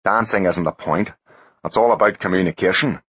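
A man voicing a huge, calm, loyal bodyguard in a storybook reading, measured and protective in manner. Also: sits low, husky, no room sound.

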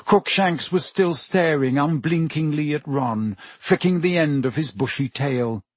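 Male storyteller for an audiobook, slightly high, husky voice, dry booth sound. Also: measured pace, no room sound. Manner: steady storytelling with character voices. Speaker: audiobook narrator. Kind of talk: scripted narration.

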